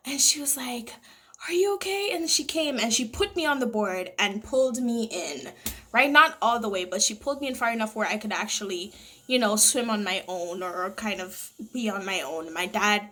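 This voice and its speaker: A young adult woman vlogger casually telling a dramatic story, animated and laughing as she goes. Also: mid-range voice.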